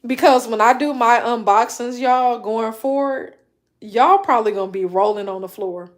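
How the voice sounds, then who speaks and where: A woman hosting a casual livestream, chatting with viewers and telling animated stories. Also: on the high side, normal speed. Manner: animated storytelling, acts out quoted voices, laughs often. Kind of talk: casual live chat, reading viewer comments.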